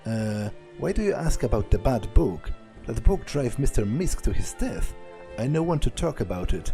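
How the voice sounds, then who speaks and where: Timid half-orc maid, broken speech, lively up-and-down delivery, read by a man. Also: mid-range voice, vocal fry, soft background music. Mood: nervous. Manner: halting, broken grammar.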